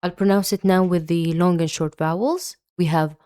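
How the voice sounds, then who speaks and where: A woman's voice: on the low side, fairly even intonation, normal speed, warm tone. A woman teaching beginners pronunciation, patiently repeating each letter and word several times before explaining it. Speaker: Arabic teacher. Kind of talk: slow, careful pronunciation lesson.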